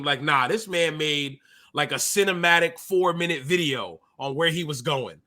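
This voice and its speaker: A man's voice: a little high, normal speed. A man in his thirties co-hosting a casual basketball podcast, jokey and easily distracted. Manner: animated, jokey, distracted mid-talk. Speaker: podcast co-host. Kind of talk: casual sports chat.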